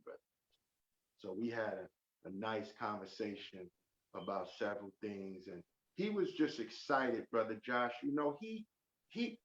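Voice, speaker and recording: A man gives a fervent testimony on a podcast, swinging from quiet asides to loud emphatic peaks. His voice sits in a roomy space. The sound is dull and lo-fi. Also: medium pitch. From Oakland. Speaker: podcast guest.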